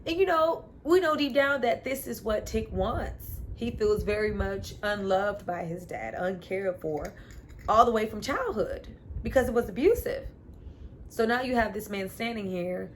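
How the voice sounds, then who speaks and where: A woman's voice: medium pitch, a little slow, slight background noise. A woman reviewer casually and animatedly recapping a TV episode, with lots of "you know". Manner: animated, chatty, uses filler "you know".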